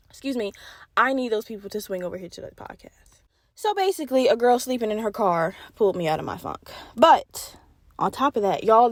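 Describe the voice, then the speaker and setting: Young woman, podcast host, slight stutter, higher voice, dry close sound. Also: no room sound. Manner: animated, swearing, laughing, talks straight to listeners. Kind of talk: casual solo podcast chat.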